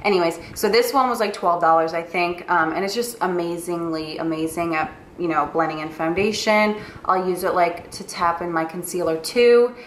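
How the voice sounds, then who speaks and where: A young New York-accented makeup artist runs through her monthly favorites, gushing casually with plenty of fillers. She speaks on the low side in a steady tone at normal speed, barely pausing, recorded with roomy echo and faint noise.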